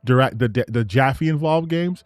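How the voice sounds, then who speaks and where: A man giving casual commentary on gaming clips, ranting in an excited, rambling way with frequent restarts. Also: mid-range voice, a little slow, no echo, clean studio sound.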